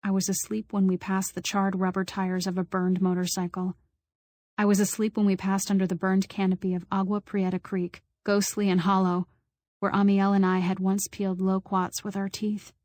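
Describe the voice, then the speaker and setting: Woman narrator for a novel audiobook, even and level delivery, dry close recording. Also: medium pitch, moderate pace, no room sound. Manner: acts out quoted voices with small shifts. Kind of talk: scripted narration.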